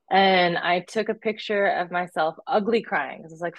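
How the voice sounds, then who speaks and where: Chatty young woman, lowish voice, says like a lot, dry mic. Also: a little fast, hardly any pauses, no room sound. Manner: chatty storyteller, says "like" a lot, acts out quotes. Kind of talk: casual chat.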